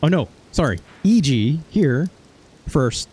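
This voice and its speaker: A man's voice: on the high side, very animated, takes it slowly, warm tone, slightly rough. A man hosting a gaming video, recapping his playthrough in rambling, casual commentary and swearing offhandedly. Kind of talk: casual let's-play commentary.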